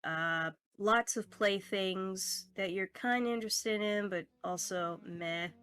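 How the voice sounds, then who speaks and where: A woman narrating a tabletop game as game master, talking in a relaxed way with fillers and laughs. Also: mid-range voice, slow, smooth, faint music behind.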